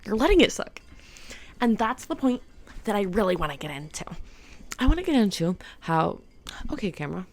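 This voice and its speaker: A woman's voice: mid-range voice, sing-song, a little fast, creaky, long pauses, darkish tone. A woman vlogger talking casually and playfully to camera about self-improvement, rambling with lots of "like". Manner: rambling and playful, heavy use of "like".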